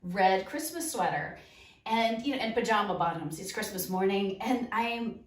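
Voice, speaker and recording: A woman's voice: medium pitch, normal speed. A woman hosting a casual talk and telling her own funny stories, laughing often mid-sentence. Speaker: laughter coach and host. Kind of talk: casual storytelling. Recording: echoey room, mic set at a distance.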